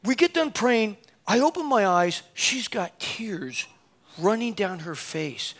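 Preaching a sermon in a high-pitched, slow voice, a man tells a funny story about himself, poking fun at himself and acting out the dialogue with animation. He then urges his listeners on, sometimes rising to a shout.

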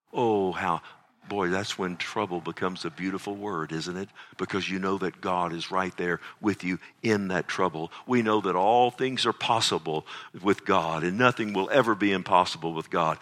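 Emphatic man preaching a sermon. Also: low-pitched. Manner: emphatic, urgent pleading with swings between loud and hushed.

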